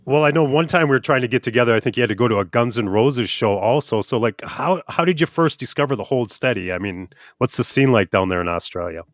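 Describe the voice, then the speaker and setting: A man's voice: mid-range voice, fast talker, few pauses, dry recording, clean studio sound. A man hosting a podcast and interviewing a guest in an easygoing way. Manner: easygoing, laughs often. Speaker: podcast host. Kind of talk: casual interview.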